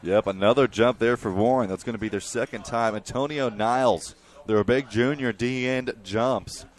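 A young man giving color commentary on a high school football game, explaining play calls like a coach. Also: normal speed.

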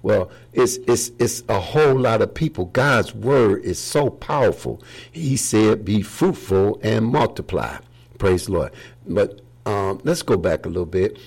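Older-sounding gravelly guy preaching, husky low voice, folksy and rambly, keeps saying praise the lord. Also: lively intonation, a little slow, a little mellow. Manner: rambling, with many fillers. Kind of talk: informal sermon.

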